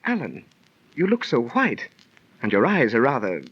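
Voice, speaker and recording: A man's voice: medium pitch, wildly swooping pitch, normal speed, slightly rough, exaggerated voice. A man playing a concerned fellow actor in a 1930s radio drama, speaking in archaic phrasing. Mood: worried. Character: anxious, sensible male fellow actor. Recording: muffled 1930s transcription disc.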